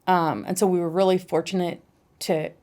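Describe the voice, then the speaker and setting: A woman with a slightly low voice talks through her business in a relaxed interview. She is practical and matter-of-fact, pausing and restarting as she gathers her thoughts. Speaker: bar and grill owner, guest. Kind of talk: casual podcast interview.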